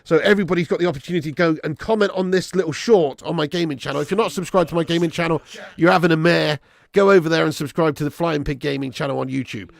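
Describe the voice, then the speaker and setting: A man hosting a football watch-along stream, chatting excitedly and with plenty of slang, his voice going hoarse. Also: a little high, quick pace, dry recording. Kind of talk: live stream chat and match reaction.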